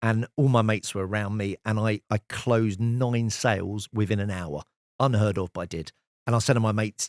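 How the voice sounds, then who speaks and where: A man in an interview, spinning animated sales stories with punchy timing. His voice sits a little low, recorded close and dry with no room sound. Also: moderate pace, dry recording. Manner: lively storyteller, animated anecdotes. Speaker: sales expert guest. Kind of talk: casual storytelling interview.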